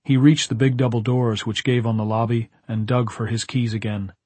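A male audiobook narrator with a husky, slightly breathy voice reads in a measured, dramatic way. The recording is close and dry, with no room sound. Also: mid-range voice, level tone, mellow, dry recording. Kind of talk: scripted narration.

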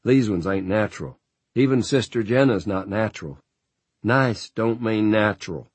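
A grim frontier rider who has seen too much, talking in an unhurried rural drawl, as a man reads him aloud. The voice sits very low and a touch husky. The recording is close and dry, with no room around it. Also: no echo. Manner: rural drawl, folksy grammar.

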